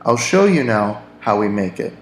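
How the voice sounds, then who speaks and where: A man teaching English grammar to learners, reading example lines slowly and carefully. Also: fairly low pitch, big pitch swings. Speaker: ESL teacher. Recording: echoey room.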